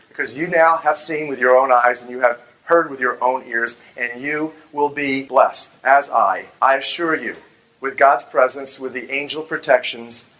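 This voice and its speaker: In poor audio, a middle-aged public speaker with a mid-range voice delivers an impassioned religious address. He narrates a story and performs the quoted voices of its characters.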